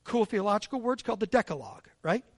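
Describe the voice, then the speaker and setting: A man's voice: high voice, expressive, quick pace. A man preaching a sermon in a conversational way, often checking in with the congregation and speeding through asides. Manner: conversational, asks the congregation for agreement with repeated "right?". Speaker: pastor.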